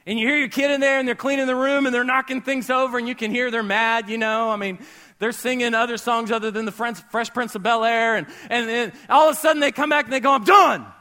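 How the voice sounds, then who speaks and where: A man preaching a sermon to a live church audience, conversational and joking, quizzing the crowd, and rising to shouts on key words. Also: extremely high pitch, steady tone, fast talker. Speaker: pastor.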